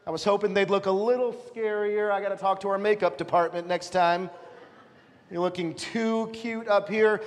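A man's voice: high-pitched, steady tone, normal speed. A man leading a children's Christmas nativity in a church, upbeat and coaxing the kids with stage cues. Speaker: leader of a children's nativity play. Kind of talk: guiding a church Christmas pageant. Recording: long hall reverb.

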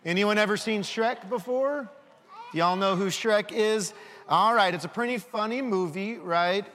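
A man giving a children's sermon, lively and full of questions for the kids. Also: high voice, unhurried, in a large hall. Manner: animated, asks children questions.

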